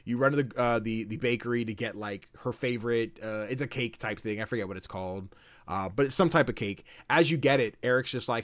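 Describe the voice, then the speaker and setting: A man's voice: medium pitch, brisk, no echo. A man co-hosting a podcast, telling game stories in casual chat, acting out quotes and swearing freely. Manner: animated storytelling, acts out quotes, swears casually. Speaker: podcast co-host.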